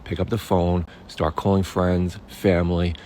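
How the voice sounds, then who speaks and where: A man's voice: low-pitched, level tone, a little slow, a little mellow, a little hiss or hum. A middle-aged man, a career coach, giving direct, encouraging advice to camera.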